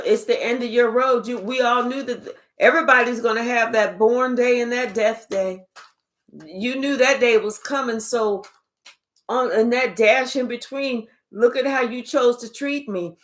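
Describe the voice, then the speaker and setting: A woman with a high, bright voice delivers a tarot reading monologue. She is blunt and emphatic, swears freely and keeps firing rhetorical questions at her listener. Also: steady tone, normal speed. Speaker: tarot reader.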